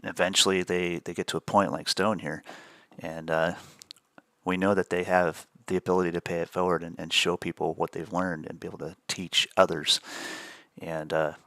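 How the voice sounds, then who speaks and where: A man with a low, gravelly voice talks loosely on a live trading stream, circling back over his words. The sound is dry and close, with no room around it. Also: little pitch movement, moderate pace, a bit bright, no echo. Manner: rambling, repeats words, laughs easily. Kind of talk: casual live-stream chat.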